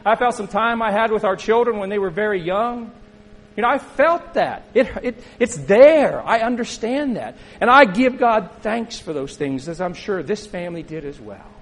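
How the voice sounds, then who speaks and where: A man's voice: sits high, expressive, normal speed, poor audio. A middle-aged man preaching a sermon as a pastor, telling a story in a conversational way and turning to ask the congregation questions.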